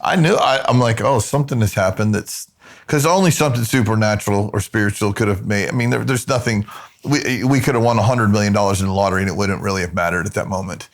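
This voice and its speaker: A man's voice: lowish voice, fast. A man, a podcast host, talking casually with his wife in a rambling way. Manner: rambling, with many restarts. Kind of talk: casual conversational talk.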